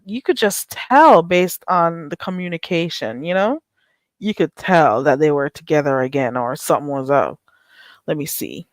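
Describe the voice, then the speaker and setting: A woman's voice: mid-range voice, dry recording. Chatty woman reading viewer comments. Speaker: live stream host. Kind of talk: live stream chat.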